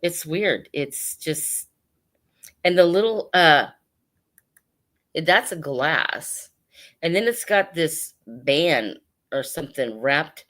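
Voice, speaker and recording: A woman's voice: low-pitched, animated, slow, long pauses, a bit bright. A woman hosting a casual live sale, chatting and laughing with her viewers as she shows hat pins. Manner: chatty, laughs often, addresses viewers directly. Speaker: live-stream seller of hat pins and jewelry.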